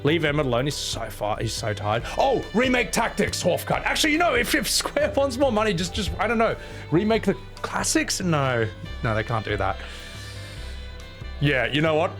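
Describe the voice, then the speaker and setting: A man's voice: on the high side, sing-song, normal speed, a bit bright, soft background music. A man streaming a video game and ranting sarcastically about the series, swearing freely between bursts of laughter. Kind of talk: casual game commentary.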